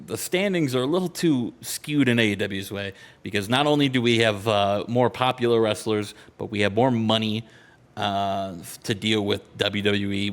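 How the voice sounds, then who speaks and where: A man co-hosting a casual wrestling game commentary chat. He is excitable, laughs often, trails off mid-sentence and sounds out of breath. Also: fairly low pitch. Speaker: co-host of a wrestling sim series.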